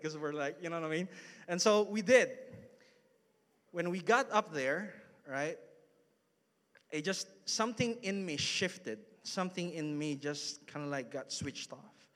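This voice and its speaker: Chatty pastor with a reverberant hall sound. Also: male voice, fairly high pitch, unhurried, fairly bright tone. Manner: chatty, full of fillers and asides to the congregation. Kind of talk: casual storytelling sermon. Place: church hall.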